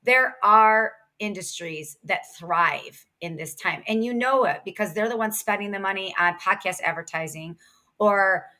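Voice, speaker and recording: Bright, chatty businesswoman on a podcast. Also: mid-range voice. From Ohio. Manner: energetic, quick, chatty with laughs. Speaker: podcast guest, sales expert and author. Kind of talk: casual interview chat.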